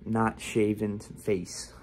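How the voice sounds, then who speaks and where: A man's voice: on the low side, little pitch movement, drawn-out words, a little mellow, a little hiss or hum. Candid rambling young man vlogging. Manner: rambling and candid, with many fillers and restarts. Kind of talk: casual personal vlog.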